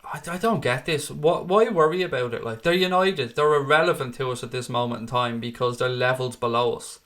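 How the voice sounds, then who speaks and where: A man with a wife and kids hosts a casual fan channel livestream, replying to viewer comments bluntly, outspokenly, and often profanely. His voice is medium-pitched and a bit bright, and he talks briskly.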